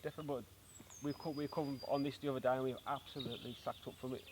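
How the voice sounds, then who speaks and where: A man's voice: mid-range voice, fairly even intonation, quick pace. A man answering questions by a lake in a cheeky, guarded way as a guest angler. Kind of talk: casual interview answers. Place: outdoors at a fishing lake. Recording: outdoor recording with clear background noise.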